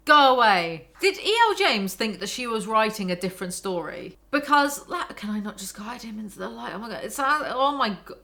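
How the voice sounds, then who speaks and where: A young woman mocking a novel as she reads passages aloud, sarcastic and exasperated and quick to swear. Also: fairly high pitch, animated, vocal fry, sharp tone. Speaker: book commentary vlogger. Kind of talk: sarcastic book commentary with read-aloud excerpts.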